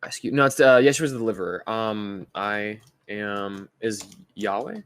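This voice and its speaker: A man's voice: fairly low pitch, measured pace, clean tone. A young man co-hosting a casual podcast, telling a story in a rambling way with many fillers and restarts. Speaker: podcast co-host. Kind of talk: casual chat.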